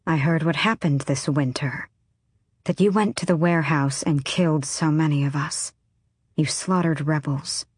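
A woman reading the part of a guarded, solemn young woman rebel who speaks tersely and quietly. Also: deep voice, moderate pace, husky, no echo.

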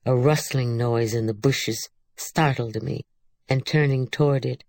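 Low-key and unhurried, a woman reads a novel aloud at a slow, deliberate pace. Her voice carries a gravelly texture, and the recording is close and dry with no room sound. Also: a little mellow, no echo. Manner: measured, unhurried reading. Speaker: audiobook narrator. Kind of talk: literary audiobook narration.

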